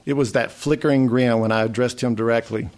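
A man reading a literary memoir story aloud in a measured way. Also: medium pitch, steady tone, a little mellow. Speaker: narrator.

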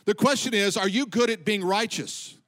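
A pastor preaching a sermon with emphatic delivery, slowing down to stress points and dropping his voice at the ends of lines. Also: high-pitched, a bit bright.

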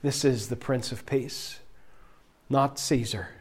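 A male preacher with an ordinary middle-pitched voice delivers a sermon. He swells into loud, emphatic stretches and then sinks to near-whispers, drawing out key words for effect. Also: steady tone, takes it slowly, slightly rough.

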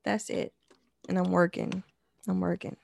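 A woman's voice: fairly low pitch, level tone, a little slow, gravelly. A woman co-hosting a podcast in laid-back, teasing casual chat. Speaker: podcast co-host.

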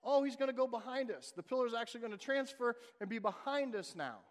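High-voiced man preaching in a reverberant hall. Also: animated, fast. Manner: emphatic preaching with rhetorical questions. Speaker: pastor. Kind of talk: sermon.

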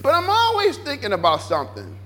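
Lively high-voiced preacher man. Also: brisk. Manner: animated, repeats phrases, acts out inner dialogue. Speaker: pastor. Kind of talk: sermon.

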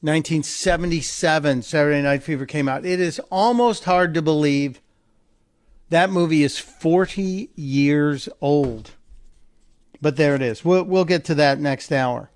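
A man's voice: fairly high pitch, unhurried, no room sound. A man hosting a talk radio show and taking calls, chatty and jokey, often stumbling and repeating words. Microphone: studio microphone.

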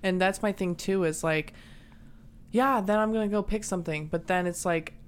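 A woman's voice: mid-range voice, normal speed. A young woman in casual podcast chat, talking candidly and rambling, swearing often.

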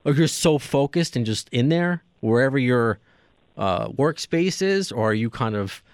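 A man's voice: mid-range voice, expressive, a little slow, clean tone, dry recording. A man hosting a casual podcast interview, asking long, rambling questions with many restarts. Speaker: podcast host.

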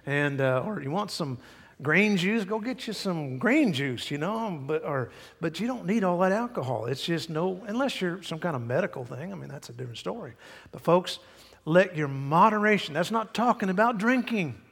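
A man preaching in a church, his voice a bit higher than most men's and trailing off into a long reverb. He preaches with folksy, emphatic force and now and then mimics people to drive a point home. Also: animated, moderate pace, creaky, a bit bright, husky. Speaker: pastor. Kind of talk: sermon. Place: church sanctuary.

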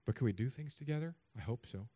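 Male preacher, mid-range voice, sermon delivery that is animated and casual, with loud emphatic peaks and dry quiet asides. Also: medium pitch, fast talker, breathy edge. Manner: conversational and joking.

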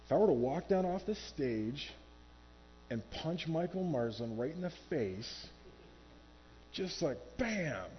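A man preaching a sermon from a church stage, animated and acting out quoted voices. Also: on the high side, measured pace, lo-fi sound, soft background music. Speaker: pastor.

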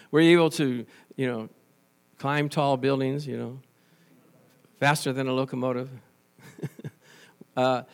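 A man preaching a sermon as pastor, animated and conversational, telling stories and restarting phrases. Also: mid-range voice.

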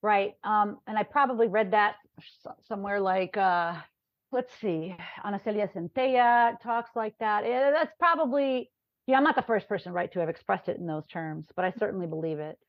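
Lively woman professor, dry and muffled. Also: medium pitch, moderate pace, no room sound. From New York. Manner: lively storyteller, often checks in with "right?". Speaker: guest, linguistics professor. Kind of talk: conversational interview. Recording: dry, dull lo-fi remote recording.

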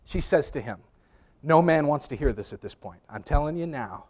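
A man preaching a sermon, telling lively personal stories, acting out voices loudly and often repeating words as he restarts. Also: on the high side, moderate pace. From New York. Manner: animated storyteller, acts out voices loudly. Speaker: pastor. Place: church sanctuary.

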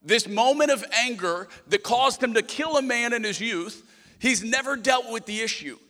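A young man preaching a sermon as pastor, animated and acting out voices in the quotes he tells. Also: very high-pitched, normal speed. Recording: long hall reverb.

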